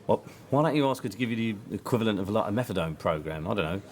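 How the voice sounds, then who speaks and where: Wry man, low voice. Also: lively intonation, racing. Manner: wry, self-mocking banter. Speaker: lead character in a sitcom. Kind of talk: scripted sitcom dialogue.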